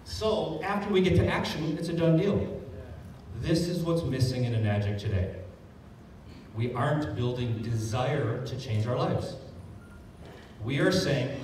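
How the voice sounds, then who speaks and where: A man giving a sales training talk to an audience, energetic and jokey, recorded from a distance in a large echoey hall. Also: mid-range voice, measured pace, pauses often. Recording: echoey hall, distant mic, faint room noise.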